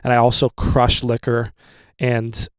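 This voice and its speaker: A man's voice: medium pitch, monotone, measured pace, clean tone, no room sound. A young man hosting a podcast, rambling casually with lots of fillers and swearing. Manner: rambling, profane, with many fillers. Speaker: podcast host.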